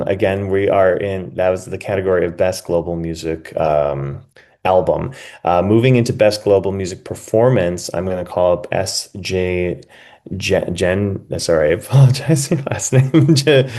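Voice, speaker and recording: A man's voice: deep voice, moderate pace, mellow. A man moderating a video call panel, polite and stumbling a little over guests' names.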